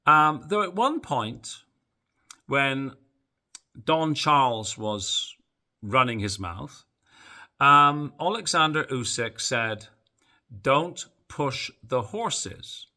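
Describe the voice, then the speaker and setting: A man's voice: medium pitch, lively intonation, slow, pauses often, pushed and bright. A man giving opinionated, sarcastic boxing commentary in a casual solo monologue, with frequent ums and restarts. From Canada.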